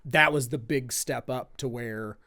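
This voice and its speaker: A man's voice: mid-range voice, pushed and bright, no room sound. Guy from indiana on a podcast, lays it out w/ what-if examples, dead dry mic. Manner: explains with quick hypothetical examples. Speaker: optics company guest. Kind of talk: podcast conversation.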